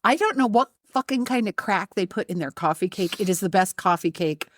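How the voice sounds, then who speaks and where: Animated woman telling a story. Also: mid-range voice, brisk. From not from Charleston. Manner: animated, acts out quoted people, laughs often, swears. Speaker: podcast co-host. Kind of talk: casual chat, storytelling.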